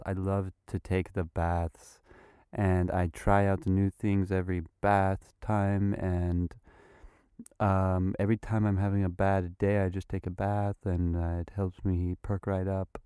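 Slow, polite young man doing improv. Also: sits low, level tone, warm tone, clear, resonant tone, no room sound, studio quality. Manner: overly polite, formal phrasing, rambling. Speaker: podcast host in character. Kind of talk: improvised comedy sketch.

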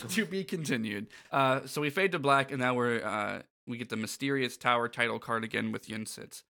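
A man's voice: mid-range voice, fairly quick, vocal fry, pushed and bright. A man co-hosting a comedic script read-through, narrating with a joking manner. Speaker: podcast co-host.

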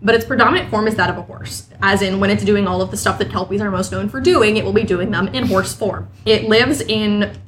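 A woman's voice: medium pitch, a little fast, hardly any pauses, a bit bright, a little hiss or hum. A woman hosting a casual podcast. She chats and explains at length and laughs often. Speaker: podcast host. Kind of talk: casual comedic chat.

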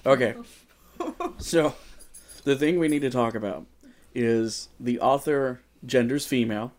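A man's voice: mid-range voice, measured pace, darkish tone. A man hosting a casual comedy podcast from a studio, joking, laughing often and swearing through the banter. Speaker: podcast host.

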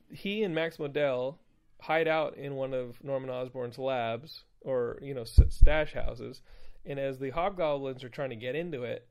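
A man's voice: mid-range voice, darkish tone. A man hosting a podcast, recapping comic books in a loose, rambling, profane way full of fillers. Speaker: podcast host. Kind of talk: casual comic book recap.

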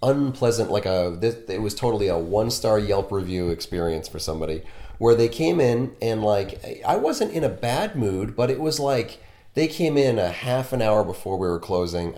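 A man's voice: lowish voice, dark tone. A man who works as a piercer, telling a candid, self-deprecating story in casual conversation. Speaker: body piercer. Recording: echoey room.

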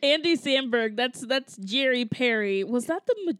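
A woman's voice: on the high side, lively intonation, normal speed, fairly bright tone, clean tone, no echo, studio quality. A woman co-hosting a casual movie chat, giggly and enthusiastic, laughing often.

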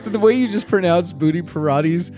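A man co-hosting a podcast, chatting in an animated way and laughing often. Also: high voice, brisk, over music. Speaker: podcast co-host. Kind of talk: casual podcast chat.

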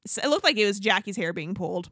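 In clean studio sound with no echo, this woman co-hosts a podcast recapping reality TV in a casual, chatty way. She speaks at a quick pace in a mid-range voice, laughs often, and acts out what people said with animated put-on voices.

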